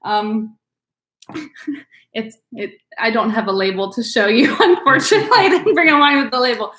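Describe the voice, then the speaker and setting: Upbeat lady running an online wine tasting, kinda high voice, lots of ums, echoey room. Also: moderate pace, a bit bright. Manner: upbeat, frequent ums, coaching. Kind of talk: live online class. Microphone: video call.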